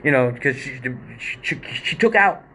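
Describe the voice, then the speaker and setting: A man hosting a live show, telling a story in a casual, animated, profane way and acting out quotes and sound effects. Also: mid-range voice, normal speed, slight background noise.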